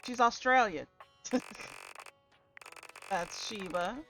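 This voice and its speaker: A woman streamer giving live gameplay commentary, expressive, swearing often and laughing a lot. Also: lowish voice, extremely slow, gravelly, music in the background.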